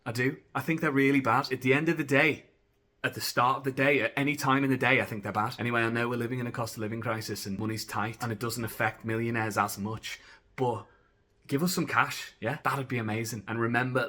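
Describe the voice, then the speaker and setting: A man's voice: mid-range voice, fairly even intonation, fast, bright, forceful tone, slight background noise. A man, a comedian performing satirical sketches with dry, sarcastic asides.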